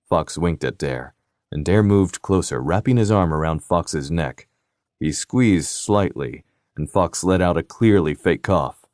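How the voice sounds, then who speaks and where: Deep dark male narrator reading a novel, steady, dry close sound. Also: a little slow, dry recording. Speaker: audiobook narrator. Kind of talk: scripted narration.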